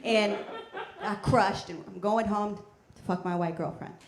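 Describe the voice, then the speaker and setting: A woman performing a stand-up comedy set on a theater stage with a handheld mic, talking in a deadpan, chatty way with bursts of loud shouting. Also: mid-range voice, measured pace. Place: theater stage before a live audience. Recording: echoey theater with faint noise.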